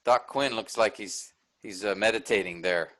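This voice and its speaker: A man's voice: fairly low pitch, normal speed, pushed and bright, rough recording. A man teaching an online workshop, explaining a text step by step and checking in with his listeners.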